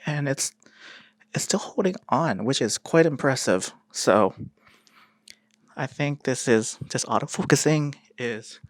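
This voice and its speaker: A man giving a casual, upbeat vlog review of a camera lens, talking in an excitable, slangy way. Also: mid-range voice, a little slow.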